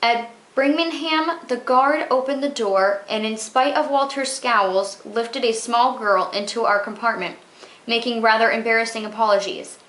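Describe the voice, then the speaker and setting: A woman reading short old magazine stories aloud, expressive and steady. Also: on the high side, moderate pace. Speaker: reader. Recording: roomy echo.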